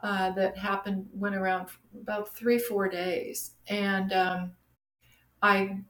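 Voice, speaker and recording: Middle-aged woman, guest storyteller, animated delivery, echoey room, mid-pitched voice. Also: slow. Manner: animated, acts out quoted voices. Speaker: guest sharing her story. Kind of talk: casual personal storytelling. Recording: roomy echo.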